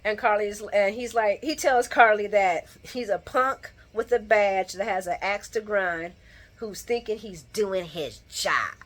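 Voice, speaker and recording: A woman's voice: medium pitch, a little slow. A woman casually recapping a soap opera episode on her channel, talking back to the characters with sass and frequent laughter. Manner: sassy, talks back to the characters, laughs often.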